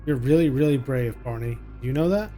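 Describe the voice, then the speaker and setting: A man voicing a frightened young mother who talks to her little son in a hushed, soothing way, reading game dialogue aloud. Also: medium pitch, brisk, soft background music, natural voice. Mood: urgent, tender. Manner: hushed and soothing, coaxing a child.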